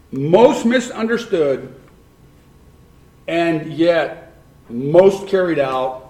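A man's voice: a little high, warm tone. A man preaching a sermon who keeps questioning his congregation and repeats points for emphasis. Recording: echoey room.

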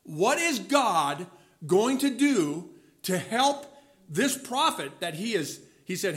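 Male preacher, high voice, emphatic sermon delivery with rhetorical questions. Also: very animated, takes it slowly, a bit bright. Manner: emphatic, questioning, drops low on key words; reads scripture aloud with rising voice.

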